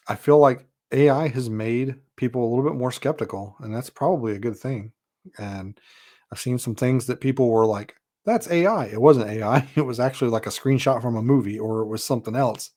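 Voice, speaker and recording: A man with a medium-pitched, somewhat dark voice hosts a podcast. He speaks in a casual, rambling monologue packed with "you know" and "uh," sounding frank and a little exasperated.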